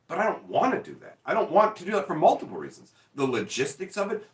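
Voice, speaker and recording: A man's voice: fairly high pitch, roomy sound, far from the mic. A man chatting casually as host, telling stories with acted-out back-and-forth and blunt swearing. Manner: animated storyteller, acts out mock dialogue, swears freely. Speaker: show host. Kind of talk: casual chat.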